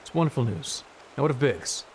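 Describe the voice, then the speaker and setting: A man voicing a steady older male engineer, calm and reassuring as he reads game dialogue. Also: mid-range voice, a little fast, slight background noise, close to an everyday voice.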